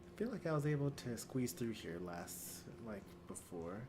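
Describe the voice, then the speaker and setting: A man's voice: medium pitch, normal speed, background noise. A man in his thirties, tired and yawning, rambling casually to viewers on a game stream. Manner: rambling, relaxed musing aloud. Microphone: desk USB microphone.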